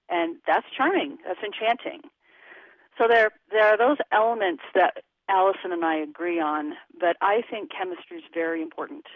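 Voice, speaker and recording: A woman's voice: on the low side, no room sound. Frank woman coach on a tinny phone line. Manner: frank and emphatic, talks candidly about sex. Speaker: relationship coach. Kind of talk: interview over a phone line.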